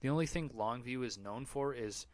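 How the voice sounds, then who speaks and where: A man's voice: medium pitch, moderate pace, dry recording. A man hosting a podcast, reading online posts aloud in a casual, mocking, profane way. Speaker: podcast host.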